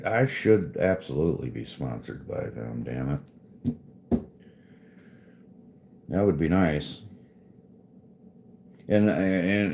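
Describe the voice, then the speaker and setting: A man's voice: a bass voice, gravelly, mellow. A man hosting a casual live stream, joking, swearing and reading chat aloud. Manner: laid-back, profane, joking, reads chat aloud. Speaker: livestream host chatting with viewers.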